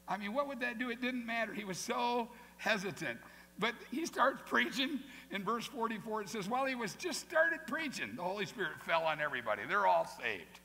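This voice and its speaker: A male pastor preaching a sermon with lively asides, acting out quoted voices. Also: sits high, gravelly. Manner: animated, acts out quoted voices, folksy asides. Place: church sanctuary. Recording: long hall reverb, faint noise.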